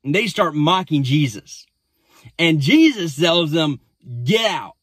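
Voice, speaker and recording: A man's voice: fairly high pitch, lively intonation, a little slow, a bit bright, husky, dry recording. A man, a pastor, recapping a sermon in a casual storytelling way with frequent restarts.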